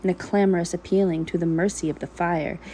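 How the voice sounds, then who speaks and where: A woman vlogger reading a poem aloud while cooking at home in her kitchen, in a slow, emphatic recital that draws out repeated words. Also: fairly low pitch, steady tone, mellow, slight background noise, rough recording. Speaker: vlogger and mother of a large family. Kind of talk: dramatic poetry reading.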